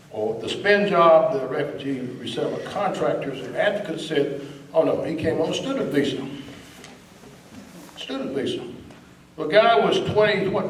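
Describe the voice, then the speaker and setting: A man's voice: high-pitched, a little hiss or hum. Guy giving a fired-up talk at a meeting, sounds far off in an echoey room. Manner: indignant, emphatic, scornful. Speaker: guest speaker. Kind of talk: political meeting speech. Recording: echoey room, recorded from a distance.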